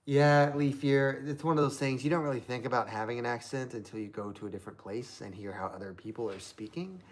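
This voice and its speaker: A man's voice: medium pitch, brisk. A man from Southern Indiana hosting a live stream, chatting casually in a rambling way with lots of fillers.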